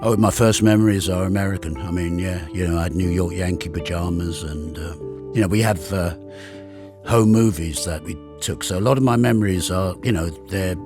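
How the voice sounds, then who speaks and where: An English man in his sixties, a guest telling stories in a relaxed, rambling way, full of fillers and restarts. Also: sits low, a little fast, over music. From England. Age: 60s. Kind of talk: candid conversational storytelling.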